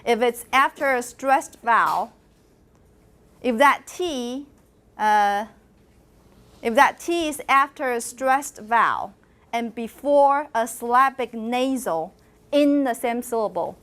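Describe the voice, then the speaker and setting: Slow, high-voiced woman lecturing. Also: fairly bright tone. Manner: demonstrates sounds by repeating words slowly; switches briefly into Mandarin. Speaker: university phonetics lecturer. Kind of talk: classroom lecture. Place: lecture hall.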